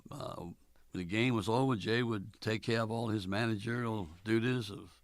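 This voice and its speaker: In a dry recording, a retired college basketball coach, now an older man, spins stories at an easy pace for an oral history interview. He uses plenty of fillers and plays out the dialogue in a folksy way, his voice fairly low in pitch.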